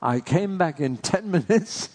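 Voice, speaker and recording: A man's voice: sits high, animated, measured pace, darkish tone. A man preaching a sermon in an earnest way, posing rhetorical questions to the congregation.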